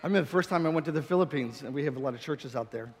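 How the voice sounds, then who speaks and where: A man preaching a sermon with passion, swinging between shouted peaks and quiet, storytelling stretches. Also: medium pitch, rapid-fire, big-room sound.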